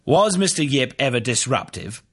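A man voicing a forceful male prosecutor who questions a witness in pointed, pressing turns, read as a storybook. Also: medium pitch, animated, normal speed, husky, pitched above the performer's own voice.

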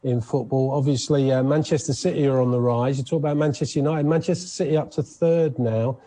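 A man's voice: medium pitch, brisk. A man presenting sports news in a chatty, conversational way on radio. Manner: chatty, conversational, animated asides.

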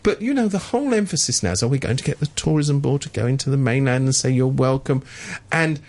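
A man's voice: mid-range voice, animated, fast talker, darkish tone. A man co-hosting a radio talk show, chatting about politics in a sardonic, mocking way. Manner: sardonic, mocking, mimics officials. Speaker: radio co-host. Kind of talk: casual political chat on radio. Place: radio studio.

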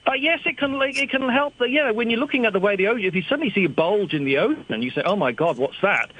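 A man's voice: extremely high pitch, expressive, very fast, breathy edge, phone-quality sound. An older man, a guest expert on a radio show, explaining at length over an old phone, digressive and self-deprecating. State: slightly hard of hearing.

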